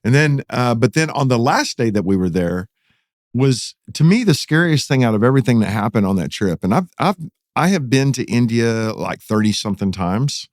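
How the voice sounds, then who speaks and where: A middle-aged pastor with a Texan accent tells a story on a podcast. His delivery is dramatic and his pitch swings widely. The sound is close and dry. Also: moderate pace, no echo. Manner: animated, dramatic retelling with rising excitement. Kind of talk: casual storytelling in a podcast interview.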